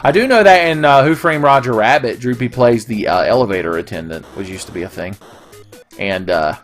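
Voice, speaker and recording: A man's voice: medium pitch, a little fast, faint music behind. A man hosting a gaming video, rambling and profane in casual commentary. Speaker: gaming channel host.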